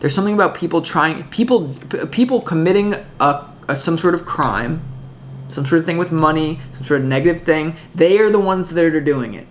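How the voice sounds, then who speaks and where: Tarot reader, casual reading, rambling, intense, lots of restarts, middle pitch. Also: animated, brisk, a little hiss or hum. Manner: swearing, emphatic.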